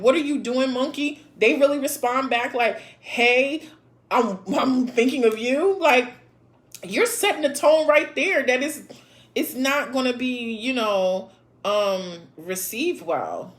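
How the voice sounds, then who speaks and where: A woman's voice: on the high side, a bit bright. A woman in her thirties hosting a casual live chat, reading viewer comments aloud and answering in a blunt, sassy way, with frequent laughs and swearing.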